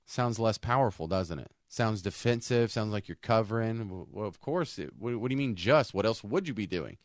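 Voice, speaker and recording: A man's voice: on the low side, lively intonation, normal speed, dry recording, clean studio sound. A man co-hosting a casual talk show, rambling and often restarting his sentences. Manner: rambling, self-interrupting with restarts. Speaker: co-host.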